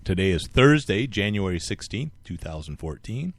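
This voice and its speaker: A man's voice: sits low, very animated, moderate pace, no room sound. A middle-aged man hosting a casual live talk show, rambling and joking and laughing at his own stories. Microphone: studio mic.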